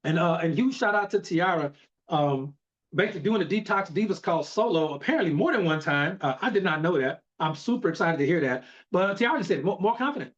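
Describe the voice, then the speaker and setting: A network marketing team leader with a fairly high voice gives a motivational training talk over a video call, speaking a little fast in an expressive, emphatic and preachy way. He hammers his points home and repeats key lines, and the audio sounds dull and lo-fi.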